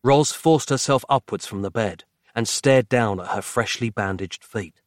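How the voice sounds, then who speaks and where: A man reading a horror story aloud in a dramatic, measured storytelling manner. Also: mid-range voice, dry recording, clean studio sound. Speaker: narrator. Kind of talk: scripted horror narration.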